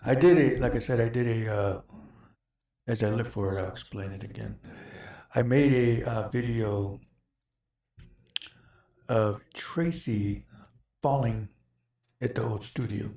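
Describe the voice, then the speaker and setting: Podcast host, male, gravelly, rambling storyteller who keeps interrupting himself. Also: medium pitch, measured pace, long pauses, warm tone. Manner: rambling, laughs often, self-interrupting. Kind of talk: casual storytelling chat.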